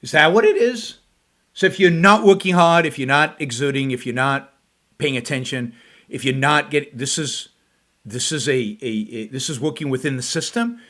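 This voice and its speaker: A man's voice: medium pitch, moderate pace, a bit bright. A middle-aged man hosting a talk show, mocking a video clip in scornful, emphatic commentary. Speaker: show host reacting to a clip.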